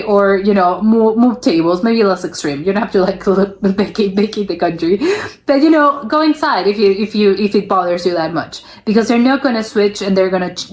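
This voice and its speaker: A young woman from South America hosting a reaction video, giving her opinions in a rambling casual chat full of restarts. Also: medium pitch. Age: young adult.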